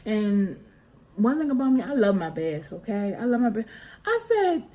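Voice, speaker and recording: Young woman, casual storyteller, animated, mellow voice. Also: mid-range voice, normal speed, low-quality recording. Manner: animated, expressive, talks with her hands. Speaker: vlogger.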